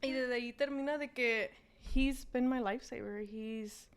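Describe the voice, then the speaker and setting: Woman, 30s, code-switching English and Spanish, higher voice, smooth clear tone. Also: normal speed. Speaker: interview guest, business owner. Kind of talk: casual interview storytelling.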